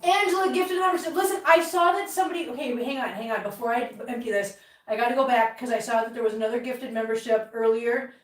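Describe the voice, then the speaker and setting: This woman has a fairly high voice with a steady tone and a quick pace. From her home kitchen she runs a casual livestream, emotional and chatty with viewers and cooing baby talk to her cats. Her voice comes from far off amid a roomy echo.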